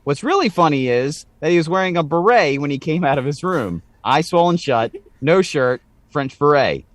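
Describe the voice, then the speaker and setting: A man's voice: a little high, sing-song, moderate pace, dry recording. A man co-hosting a podcast in casual chat, rambling and full of "like" fillers. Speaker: podcast co-host.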